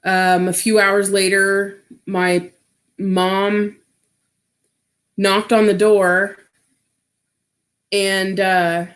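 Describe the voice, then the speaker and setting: A woman streamer recounting a personal story at an unhurried pace. She rambles, restarts, and fills her sentences with "like," in a mid-pitched voice. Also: flat delivery. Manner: rambling, full of "like" fillers.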